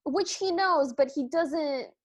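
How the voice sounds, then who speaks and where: A woman's voice: sits high, slow. A woman co-hosting a podcast, recapping a film in casual chat with a wry, mocking tone. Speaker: podcast co-host.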